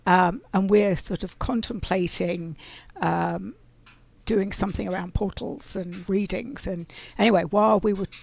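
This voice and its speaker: Gravelly-voiced woman rambling through a story. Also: medium pitch, fairly even intonation, measured pace, no echo. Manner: rambling, many fillers and restarts. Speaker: oracle card reader. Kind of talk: casual spiritual storytelling.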